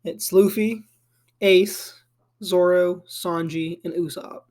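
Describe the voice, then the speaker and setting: High-voiced man rambling through a fan story. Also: steady tone, takes it slowly, a little mellow. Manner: rambling, filler-heavy, swears casually. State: yawning, tired. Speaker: anime fan commentator. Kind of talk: casual retelling of a fan story. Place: home room.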